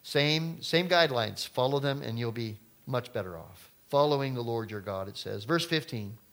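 A middle-aged man preaching a sermon as pastor, talking casually to the congregation and turning suddenly loud for emphasis. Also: medium pitch, expressive, moderate pace, creaky.

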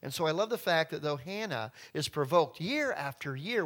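A man's voice: fairly high pitch, expressive, normal speed, hardly any pauses, a bit bright. A middle-aged man preaching a conversational sermon, often acting out voices and asides. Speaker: pastor.

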